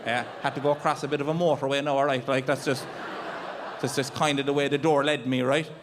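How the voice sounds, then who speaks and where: Exasperated Irish comedian, swearing freely. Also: male voice, mid-range voice, little pitch movement, quick pace, noisy background. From Ireland. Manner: exasperated, swearing, acts out his own panic. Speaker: stand-up comedian. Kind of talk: stand-up comedy storytelling. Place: comedy stage before a live audience.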